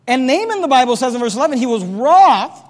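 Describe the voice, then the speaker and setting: A pastor delivers an animated sermon in a very high voice, reading scripture and playing out its characters. His words ring through a church hall with a long reverb tail. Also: quick pace. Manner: animated preaching, reads scripture aloud, acts out characters.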